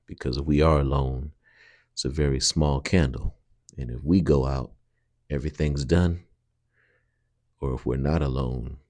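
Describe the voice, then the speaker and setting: A man's voice: extremely low pitch, a little mellow, no room sound, clean studio sound. A man hosting a video channel, talking straight to his viewers in an earnest, rambling way. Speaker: channel host. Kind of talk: casual video commentary.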